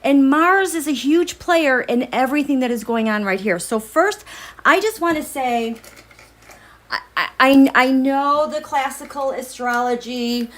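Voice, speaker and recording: Woman, middle-aged, livestream host, chatty, excitable, breathless, stumbling restarts, slightly high voice. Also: unhurried. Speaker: tarot and astrology livestream host. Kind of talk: casual livestream chat.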